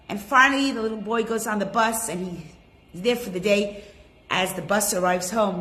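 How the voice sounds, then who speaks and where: A woman's voice: medium pitch, a little fast, a bit bright. A woman teaching a women's class online, chatting and greeting each attendee by name. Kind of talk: casual online class talk.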